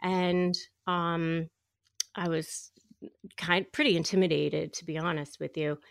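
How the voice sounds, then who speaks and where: Woman telling a lively story. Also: lowish voice, slow pace, creaky, dry recording, clean studio sound. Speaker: guest, divorce attorney and negotiator. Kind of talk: storytelling in a podcast interview.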